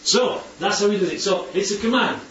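Man, Bible study leader, animated, keeps checking for agreement; distant, echoey, muffled recording. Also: high-pitched, fairly quick. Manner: animated, asks for agreement often. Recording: roomy, distant, dull recording with faint background ambience.

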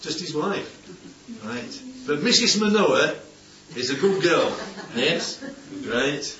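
This man preaches a chatty, playful Bible-study sermon in a church hall before a congregation, tossing out asides and repeatedly asking "yeah?". His voice is on the high side, expressive, pushed, and bright at a slow pace. The hall recording is distant, roomy, and dull, with slight hiss or hum.

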